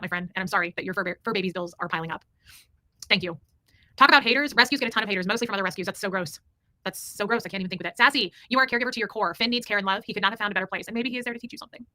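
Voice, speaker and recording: Rapid-fire chatty woman livestreamer. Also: mid-range voice, pushed and bright, no room sound. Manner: rambling, emphatic, swears freely. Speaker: livestream host reading super chats. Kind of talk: casual livestream chat.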